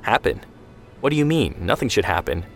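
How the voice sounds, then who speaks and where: A man's voice: lowish voice, very animated, brisk, a bit bright, faint music behind. A man reading the lines of a defiant twenty-year-old who answers sarcastically and defensively in an audio story. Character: hot-headed young man of twenty, defiant.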